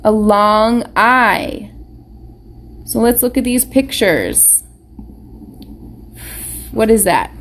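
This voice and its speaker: A woman's voice: fairly high pitch, very slow, pauses often, a bit bright. A woman teacher giving a live online phonics lesson to young children, patient and encouraging, asking them question after question.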